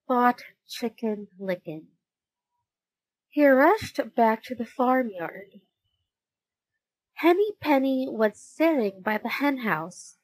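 Woman storyteller for kids' read-aloud, slow and lilting, dry recording. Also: a little high, no echo, poor audio. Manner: very slow, lively, sing-song delivery.

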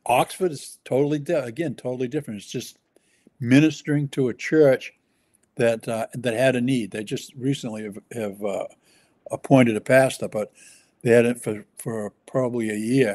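Mellow-voiced pastor, halting and earnest. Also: male voice, mid-range voice. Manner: halting, with many restarts and fillers. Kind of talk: conversational ministry talk.

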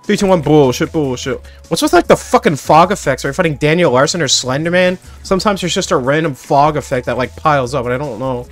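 A man hosting a casual gameplay chat, excitable and crude, breaking into shrieking outbursts. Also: fairly high pitch, fast talker, few pauses, faint music behind. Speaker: gaming channel host.

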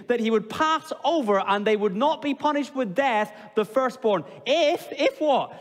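A male preacher with a high voice gives an expressive sermon. He puts questions to his listeners and sinks low and slow to stress a point. His voice rings with a long reverb through a church hall.

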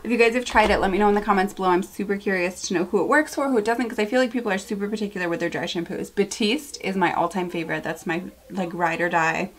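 A woman's voice: medium pitch, fast talker, hardly any pauses. Woman, 30s, casual beauty vlogger, chatty and gushing, faint background hiss. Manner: chatty, gushing, lots of fillers and asides. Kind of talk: casual haul review to camera. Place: home.

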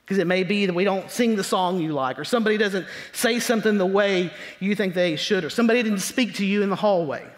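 High-pitched preacher in a reverberant church. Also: male voice. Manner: emphatic preaching with slow drawn-out stresses; acts out grumbling complainers in a low mutter. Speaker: pastor. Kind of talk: sermon. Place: church sanctuary. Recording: long church hall reverb.

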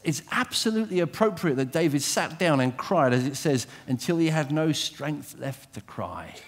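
Animated, lively-pitched male preacher. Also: moderate pace. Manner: animated, shifting from loud emphasis to quiet intensity; direct, asks the listeners questions. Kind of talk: sermon.

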